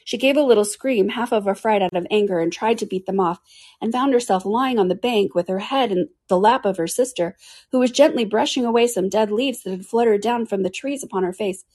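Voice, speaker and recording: A woman narrating a classic storybook in a steady, measured way for a podcast. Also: medium pitch. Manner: steady, measured reading aloud. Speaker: reader.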